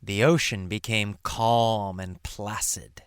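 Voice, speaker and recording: A man teaching English by telling a story slowly, asking questions and answering them himself. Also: fairly low pitch, fairly even intonation, clear, resonant tone, no room sound, studio quality. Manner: repeats and answers his own questions, dramatic swings to near whisper.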